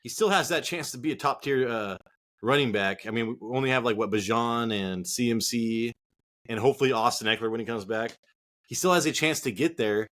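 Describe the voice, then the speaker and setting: Male co-host, mid-pitched, blunt casual talker, swears freely. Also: fairly quick, a bit bright. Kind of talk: casual podcast chat.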